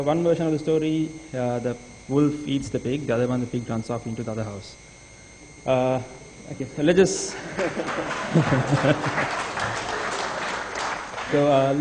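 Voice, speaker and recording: A man's voice: mid-range voice, mellow. A man from the audience retelling a story on the spot, hesitant and full of fillers. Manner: hesitant, many fillers and restarts. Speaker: audience volunteer. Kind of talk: impromptu storytelling. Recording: reverberant hall, faint noise.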